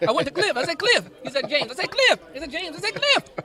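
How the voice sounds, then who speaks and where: A man putting on a loud, hyped impression of a soul-singer showman, exclaiming in a high, raised voice. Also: sing-song, fast talker, a crowd in the background.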